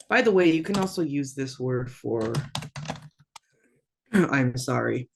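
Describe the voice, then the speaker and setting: Super slow teacher going over words twice each, mid pitch, clears throat a lot, jokes around a bit. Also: expressive. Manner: repeats each phrase slowly, clears throat often; casual, self-deprecating asides. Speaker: language teacher. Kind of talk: slow pronunciation drill with repetition.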